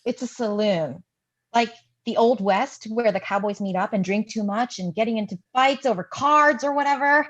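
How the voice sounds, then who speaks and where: A woman's voice: on the high side, normal speed, lo-fi sound, lightly acted. A woman voicing a confused, hesitant young woman in a live play reading, fumbling through her words. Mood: flustered.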